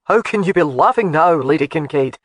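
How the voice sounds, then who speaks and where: Male narrator as the loyal soldier: urgent, loud, slightly raised pitch, dry. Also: expressive, normal speed, breathy edge, no echo, heavily acted.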